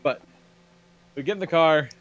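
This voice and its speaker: A man hosting a podcast, telling a story in casual, profane, excitable chat. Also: fairly high pitch, moderate pace, lo-fi sound, a little hiss or hum. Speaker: podcast host.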